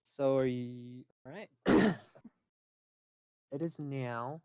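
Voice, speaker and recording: A man narrating as game master for a streamed tabletop game, calm and measured, with dry jokes. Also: mid-range voice, clean tone, no room sound, poor audio.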